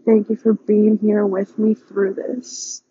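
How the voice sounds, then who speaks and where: A young woman speaking an earnest, pleading personal prayer with a breathy voice. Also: mid-range voice, little pitch movement, slow, warm tone, lo-fi sound, a little hiss or hum. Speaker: vlogger praying aloud.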